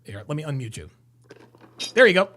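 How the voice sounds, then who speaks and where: A man hosting a live call-in stream, chatting casually and reacting in quick, agreeable bursts. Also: fairly high pitch, big pitch swings, a bit bright. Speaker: livestream host.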